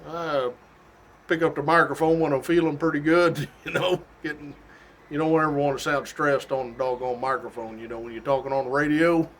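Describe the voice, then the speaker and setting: Middle-aged guy telling cop stories, lively and folksy, laughs a lot, voice a bit high. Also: brisk, slight background noise. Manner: animated, laughs often, folksy drawl-like phrasing. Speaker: state trooper telling stories. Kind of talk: casual storytelling.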